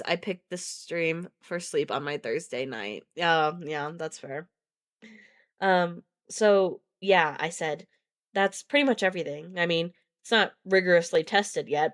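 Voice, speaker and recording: Casual woman streamer reading aloud. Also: fairly low pitch. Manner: casual, swears and laughs between read passages. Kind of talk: live-stream book reading with chat asides.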